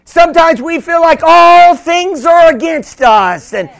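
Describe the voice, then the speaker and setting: A man preaching a sermon as pastor, with sudden shouts and many repeated words. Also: very high-pitched, expressive, unhurried, creaky.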